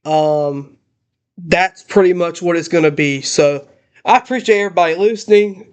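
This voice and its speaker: A young man ranting in a casual home vlog, emotional and halting with many restarts, recorded on a laptop in his parents' house. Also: on the high side, clean tone. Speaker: channel host.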